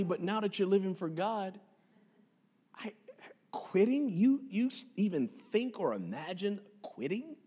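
A man's voice: sits high, darkish tone, breathy edge, in a large hall. A man preaching a sermon as pastor, punchy and joking, with street slang. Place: church sanctuary.

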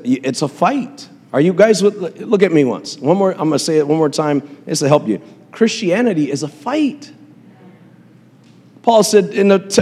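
A man's voice: sits high, a little mellow, breathy edge, big-room sound. A man preaching a sermon as pastor, impassioned, with call-and-response asides to his congregation.

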